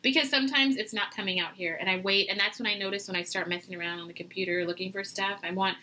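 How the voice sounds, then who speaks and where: Bright-voiced, animated woman. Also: medium pitch, fast talker, rough recording. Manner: animated, acts out quoted voices. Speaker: podcast guest; mother. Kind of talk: casual interview conversation.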